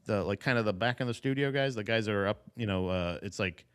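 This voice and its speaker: A man's voice: fairly low pitch, fast, clean tone. A man co-hosting a podcast, ranting casually with swearing and laughs. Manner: animated ranting, profane, laughs. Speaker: podcast co-host.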